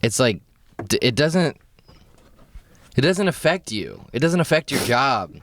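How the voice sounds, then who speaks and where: A man's voice: medium pitch, sing-song, a little slow, a bit bright. A man co-hosting a podcast, joking around and riffing in a casual, laughing way. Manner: joking, riffs with silly bits, laughs a lot. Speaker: podcast co-host. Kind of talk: casual chat.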